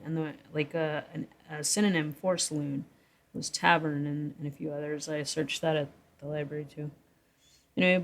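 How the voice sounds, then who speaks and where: A woman talking through a story she wrote in casual vlog commentary, rambling, correcting herself and chuckling between thoughts. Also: low voice. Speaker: writer explaining her own story. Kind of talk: casual vlog commentary reading from her draft.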